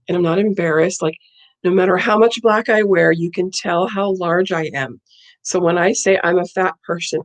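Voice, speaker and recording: A woman vlogger telling a story in a casual, blunt and indignant way. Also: on the low side.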